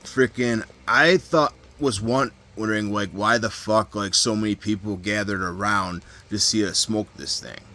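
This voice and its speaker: A male vlogger tells a prison story in a lowish, steady, sharp voice, unhurried yet with hardly any pauses. His casual telling rambles, full of fillers, frequent restarts, and swearing.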